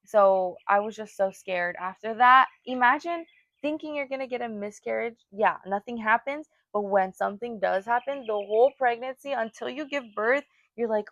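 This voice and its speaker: A woman's voice: fairly high pitch, moderate pace, fairly bright tone, no room sound, dull audio. A young woman co-hosting a casual chat, telling a personal story with feeling and lots of fillers. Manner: emotional storytelling, many fillers. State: pregnant or new mother. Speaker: podcast co-host.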